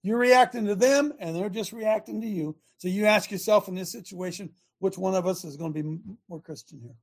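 An older man who hosts a Christian talk show, delivering an impassioned preaching rant that swings between loud emphasis and quiet asides. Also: high-pitched, a little fast, gravelly. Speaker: show host, former football coach.

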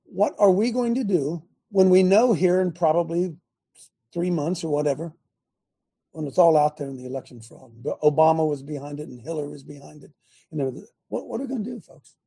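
A man's voice: on the high side, lively intonation, brisk, vocal fry, mellow, slightly rough. A man hosting his own political talk show, speaking in a rhetorical, fired-up way and asking the same questions again and again to his viewers. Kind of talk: animated political commentary to viewers.

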